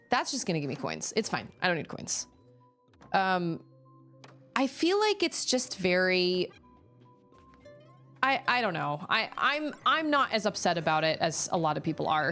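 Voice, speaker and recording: Animated woman streamer chatting over gameplay. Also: mid-range voice. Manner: chatty, animated, quick exclamations and laughs while playing. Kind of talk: casual live-stream chat while gaming. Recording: faint game music behind.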